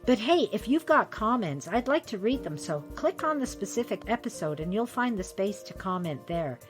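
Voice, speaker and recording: A woman's voice: mid-range voice, big pitch swings, moderate pace, music in the background. A woman hosting a podcast, telling a personal story in a chatty, self-deprecating way. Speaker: podcast host.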